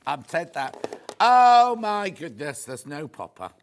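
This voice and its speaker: A man's voice: fairly high pitch, big pitch swings, takes it slowly, slight background noise. A man presenting live on a shopping channel from a TV studio, chatting in a rambling, gushing way with plenty of asides. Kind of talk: live sales demo chat.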